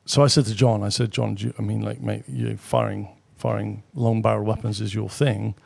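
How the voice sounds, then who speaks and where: A middle-aged British man, a guest on an interview show, telling anecdotes casually with quick asides and the odd swear. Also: fairly low pitch, expressive, vocal fry, darkish tone, husky. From Britain. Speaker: guest, former military pilot. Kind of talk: casual storytelling.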